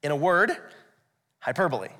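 A man's voice: a little high, big pitch swings, moderate pace, pushed and bright. A male pastor preaching a sermon in a conversational, explanatory way, with rhetorical asides to the congregation. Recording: echoey hall, long reverb.

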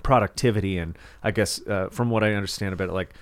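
A man's voice: on the low side, fast talker, dry recording. A man hosting a podcast interview, talking in a loose, chatty way, laughing often and swearing casually. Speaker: podcast host.

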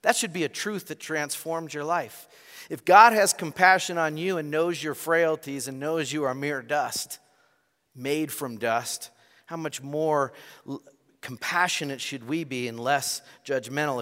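Pastor, male, slightly higher voice, earnest sermon delivery, hall reverb. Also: a little slow, sharp tone. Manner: earnest, direct appeals to the congregation. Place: church sanctuary. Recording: long reverb of a large hall.

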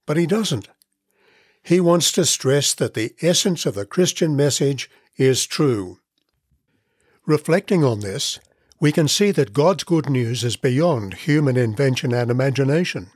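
A man delivers a scripted devotional Bible teaching in a measured, earnest voice, pressing on his key words. His pitch sits in an ordinary middle range for a man. The recording is dry and close, with almost no room sound. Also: a little mellow, husky, dry recording. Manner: measured, earnest reading with deliberate emphasis.

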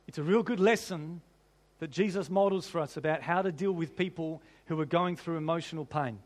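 A man's voice: on the high side, brisk. A man preaching a sermon as pastor, conversational, with rhetorical questions to the congregation.

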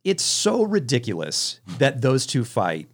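A man's voice: mid-range voice, unhurried, husky. A man hosting a film podcast, telling stories in a casual, chatty way with many restarts. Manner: animated anecdotes with frequent restarts. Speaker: podcast host. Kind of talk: casual storytelling chat.

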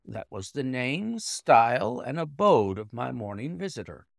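A man reading a classic story aloud in expressive, dramatic narration. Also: mid-range voice, measured pace, gravelly, dry recording, studio quality. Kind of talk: scripted audiobook narration.

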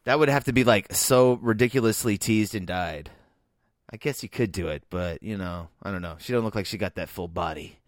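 A man's voice: on the low side, a little fast, dry recording, clean studio sound. A man co-hosting a film podcast, arguing in casual chat and swearing freely. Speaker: podcast co-host.

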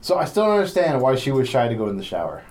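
A man's voice: medium pitch, huge pitch swings, very fast, darkish tone. A man co-hosting an anime podcast in casual chat, blunt and swearing freely, a little under the weather. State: sick. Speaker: podcast co-host.

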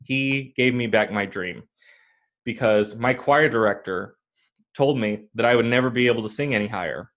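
A man's voice: mid-range voice, moderate pace, fairly bright tone. A man co-hosting a podcast, telling a personal story in a rambling, casual way with many fillers and restarts. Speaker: podcast co-host.

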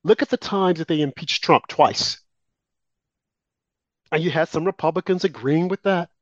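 A man's voice: on the high side, moderate pace, no echo. A man co-hosting a political talk show, delivering emphatic, heated opinion commentary aimed at his co-host. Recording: dull, lo-fi and dry.

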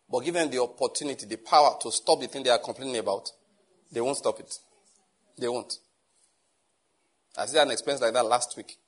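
Husky man preaching. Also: mid-range voice. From Nigeria. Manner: conversational preaching with acted-out dialogue. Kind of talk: sermon.

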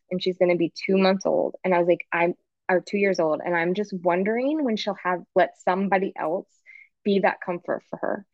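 Brief: woman in her thirties, lower voice, candid and emotional, slightly muffled dry recording. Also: dry recording. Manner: frank, emotional, rambling with restarts. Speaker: podcast guest, photographer. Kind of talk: candid conversational storytelling.

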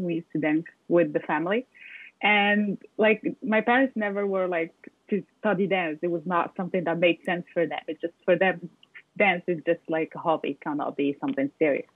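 A woman's voice: lowish voice, no room sound, phone-quality sound. A woman from Morocco, chatting casually as an interview guest and using frequent fillers.

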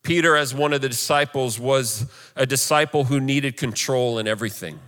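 A man's voice: mid-range voice, normal speed, fairly bright tone, long reverb tail. A male pastor preaching a sermon in an earnest, conversational way.

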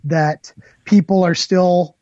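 Podcast guest, man, calm explainer, muffled dry audio. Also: sits high, takes it slowly, dry recording. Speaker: tournament organizer on a podcast. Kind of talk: casual chat.

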